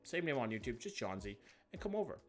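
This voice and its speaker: A man's voice: mid-range voice, big pitch swings, fast, faint music behind. A young man hosting a live reaction stream, chatting loosely with viewers, swearing and joking as he reacts to what he sees. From Canada. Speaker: livestream host.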